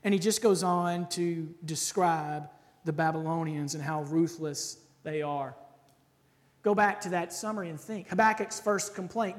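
A man preaching a sermon, reading scripture with dramatic rises in loudness and pitch and dropping to soft, casual asides with fillers. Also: unhurried. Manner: conversational with occasional laughs and fillers. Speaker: pastor. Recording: long hall reverb.

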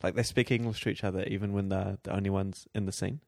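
Gravelly low-voiced man on a podcast. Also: no room sound, clean studio sound. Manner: lively, steering the talk, quick asides. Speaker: podcast co-host. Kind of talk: casual chat.

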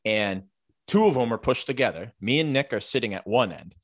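A man's voice: medium pitch, animated, brisk, no room sound, clean studio sound. A man who works as a teacher, telling a casual story with lots of fillers and the odd swear word. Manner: rambling, filler-heavy, profane.

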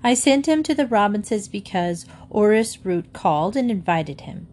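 A woman reading aloud and voicing a patient, soothing middle-aged housewife in a high, sweet, placating tone. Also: animated, moderate pace, a little mellow, close to an everyday voice.

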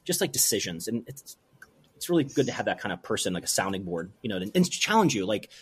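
In an emotional interview, a forties-aged brewery owner speaks as the guest in a lowish, slightly rough voice that is quick and sing-song. He opens up with heartfelt feeling, rambling and starting over as he talks.

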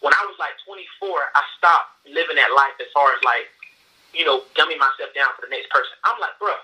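A young man talks quickly in a relaxed podcast conversation. He tells his story with energy, acts out what others said and restarts his sentences often. His voice is bright and sharp, with a slightly high pitch. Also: low-quality recording. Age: 20s. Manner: fast, animated storytelling with many restarts and acted-out quotes. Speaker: guest, small business owner.

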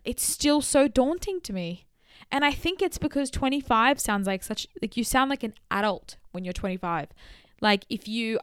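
A young woman hosts a casual solo podcast and chats in an animated, confiding way, with sudden emphatic rises. Her voice is smooth and clear at a mid pitch. She is recorded close and dry, with no room sound. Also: no room sound. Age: 20s. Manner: chatty and animated, with rising emphatic bursts. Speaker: podcast host.

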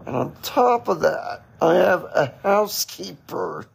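A man's voice: high voice, very animated, slow, vocal fry, slightly rough. A man hosting a podcast, casually telling a story in a chatty way, laughing often and restarting his sentences. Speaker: podcast host.

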